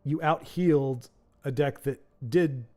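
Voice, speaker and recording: A man's voice: fairly high pitch, a little slow, a little mellow, a little hiss or hum. A man casually commentating a card game on a live stream, reading chat aloud, rambling and correcting himself with jokes. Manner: rambling, self-correcting, jokey.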